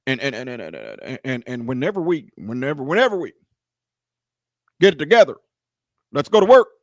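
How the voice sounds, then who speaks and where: A man's voice: mid-range voice, sing-song, no room sound, clean studio sound, voice pushed down. A man doing a stammering former president. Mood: mocking. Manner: slow, stammering, repeated slogans. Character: impression of a halting former male president orator.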